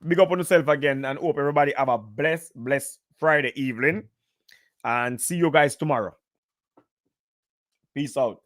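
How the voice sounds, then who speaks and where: A man with a Jamaican accent talks in an easy, joking way and slips in and out of patois. His voice sits at an ordinary pitch for a man. The sound is dry and close, with almost no room echo. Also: normal speed, pauses often, a bit bright. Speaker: podcast guest. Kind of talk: casual live-stream chat.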